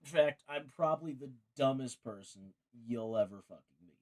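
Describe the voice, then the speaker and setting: A man streaming live, talking casually and excitably, swearing freely and laughing often. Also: medium pitch, moderate pace, dry recording.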